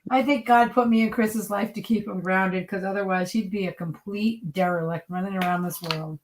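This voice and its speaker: A woman co-hosting a casual chat, telling animated, teasing stories about her husband. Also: medium pitch, normal speed, poor audio. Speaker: co-host, creator's wife.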